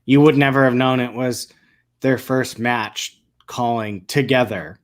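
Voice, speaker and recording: A man's voice: mid-range voice, steady tone, a little slow. A man on a podcast panel, chiming in with brief, agreeable remarks. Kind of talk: casual chat.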